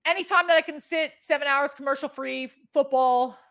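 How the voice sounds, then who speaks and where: A woman's voice: high-pitched, fairly even intonation, a little fast, a bit bright. A woman in her thirties from New England with a Boston accent tinged with New York, hosting a sports betting show in rambling, casually profane chat.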